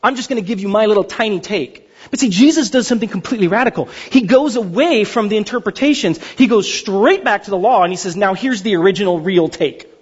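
An animated male pastor preaches with a high, lively voice that climbs and dips. His tone is slightly husky and the sound is dull, carried by the long echo of a large church hall. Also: fast talker, few pauses. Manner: animated, jokey delivery with mock voices. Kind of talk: sermon.

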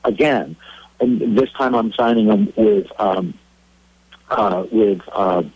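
A husky-voiced man calling in as a guest, spinning an animated story. The sound is dry and close, as if over a phone line. His pitch climbs as the story gets exciting. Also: slow, no room sound. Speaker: cartoonist guest.

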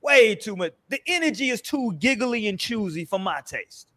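A man's voice: sits high, expressive, moderate pace, sharp tone. A middle-aged man hosting a casual panel podcast, blunt and teasing as he steers the talk. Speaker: podcast host.

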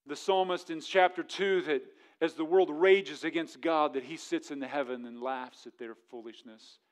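A man in his thirties preaching a sermon as pastor, swinging from loud animated storytelling to hushed, earnest pleading. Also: high voice.

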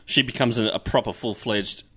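A man's voice: lowish voice, fairly even intonation, normal speed, a bit bright, slightly rough. A man in casual podcast chat, enthusiastically reviewing a film and swearing freely. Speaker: podcast co-host.

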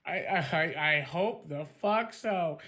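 A man co-hosting a radio show, playing a casual quiz game, animated and laughing often, swearing freely. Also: fairly high pitch, takes it slowly, slight background noise.

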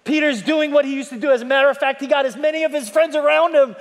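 A male pastor preaching a sermon, folksy, swinging from shouting to hushed tones and calling out to the congregation. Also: extremely high pitch, quick pace, hardly any pauses. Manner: folksy, repeats calls to the congregation. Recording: long hall reverb.

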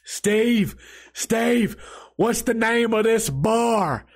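A man's voice: very high voice, animated, extremely slow, voice pushed up, heavily acted. A man voicing a drunk old country man with a drawling, slurred way of speaking. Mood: tipsy pleading. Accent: American country. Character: drunk old male country pool shark, cheerful and sloppy.

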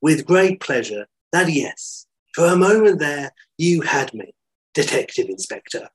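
A man's voice: fairly high pitch, lively intonation, unhurried, pitched above the performer's own voice, poor audio. A man voicing a suave older male con man with a dry, amused, drawling delivery. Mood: wry.

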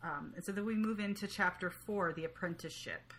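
A woman co-hosting a podcast, talking through a book in a relaxed, thoughtful way with hesitant restarts. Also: fairly low pitch, a little fast. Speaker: podcast co-host. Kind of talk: casual book discussion.

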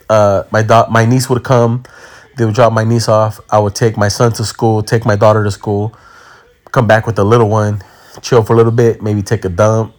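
A man's voice: medium pitch, darkish tone. A man in his thirties hosting a casual podcast from home on a phone, rambling, joking and swearing, with slang. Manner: rambling, joking, self-correcting, swears freely. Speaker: podcast host and comedian.

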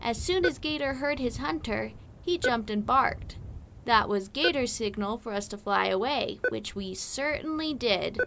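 A woman voicing a timid, gentle young male quail in an audiobook, with a high, nervous, chirpy manner. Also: expressive, measured pace, a little hiss or hum. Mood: chatty. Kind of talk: audiobook character voice.

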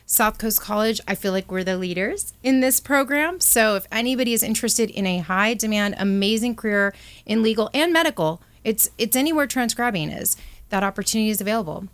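A woman's voice: medium pitch, animated, a little fast, smooth, no room sound. A woman speaking as a college representative in an interview, enthusiastic and upbeat. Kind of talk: promotional interview.

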